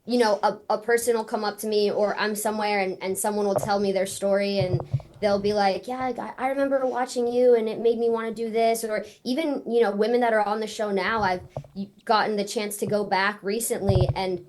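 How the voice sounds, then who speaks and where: A woman in her thirties, a guest on a podcast, telling her story in casual, animated talk and acting out what people said. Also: medium pitch, brisk, a little hiss or hum. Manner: animated storyteller, acts out quotes. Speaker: podcast guest, former ninja competitor and wrestler.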